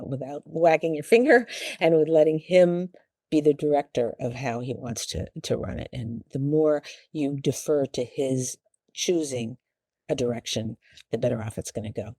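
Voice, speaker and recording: Talk show host, woman, warm mellow tone, dry close sound, chatty and meandering. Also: lowish voice, no room sound. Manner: rambling, halting, acts out quoted lines. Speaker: talk show host giving marriage advice. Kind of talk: casual advice talk.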